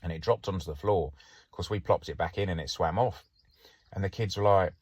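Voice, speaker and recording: Low-voiced man telling stories. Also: a little fast, husky, dry recording. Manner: chatty, wry, laughs through his stories. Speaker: podcast host and former police diver. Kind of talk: casual anecdotal storytelling.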